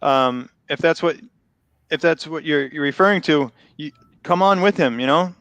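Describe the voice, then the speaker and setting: Chatty Boston host with a smooth voice. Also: male voice, fairly high pitch, moderate pace, a bit bright, no echo. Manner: chatty, laughs often, restarts phrases. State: losing his voice. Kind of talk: casual live draft commentary.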